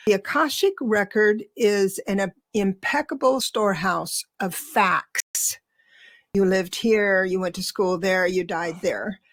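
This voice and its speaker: A woman's voice: medium pitch, no echo. A woman hosting a podcast interview, chatty, laughing easily and often restarting sentences as she talks with her guest. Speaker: podcast host. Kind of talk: conversational interview.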